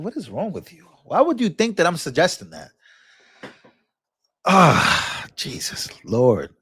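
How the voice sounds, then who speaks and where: On his political commentary vlog, the channel host speaks with a husky, medium-pitched voice. His casual, fired-up style includes false starts, repetitions and sermon-style scolding, captured in studio quality without echo.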